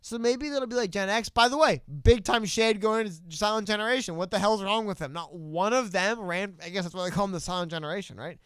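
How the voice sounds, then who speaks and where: Smooth-voiced, rambling podcast man. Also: sits high, fast talker, few pauses, a bit bright, no echo. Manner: rambling, loose, lots of "like". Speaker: podcast co-host. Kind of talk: casual political chat.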